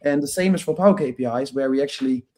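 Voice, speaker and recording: A man with a cold, a bit hoarse, answering as a guest on a video call and often restarting his sentences. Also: medium pitch, quick pace, a little mellow. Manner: restarts, repeats words. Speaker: guest, company founder. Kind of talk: casual interview talk.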